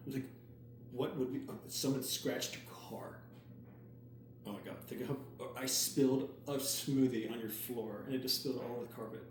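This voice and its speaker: A man who works as a hypnotherapist, chatting casually and excitedly, rambling with many "like"s. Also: medium pitch, normal speed. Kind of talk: casual chat. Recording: roomy with faint ambient noise.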